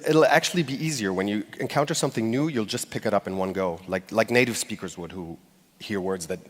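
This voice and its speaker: A man giving a live public talk from a stage, speaking conversationally with fillers and restarts and acting out short quoted phrases with light laughs. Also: lowish voice. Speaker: conference speaker. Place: stage in a large hall. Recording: long hall reverb.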